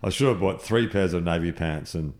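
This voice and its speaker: A man chatting casually as a podcast guest about golf courses, in a rambling, quick way. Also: deep voice. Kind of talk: casual chat.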